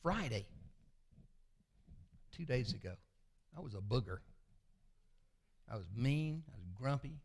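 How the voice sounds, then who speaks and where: A man, a pastor preaching a sermon with folksy, confessional storytelling that often sinks to a low murmur. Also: expressive, measured pace, long pauses, a little mellow, breathy edge. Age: 60s.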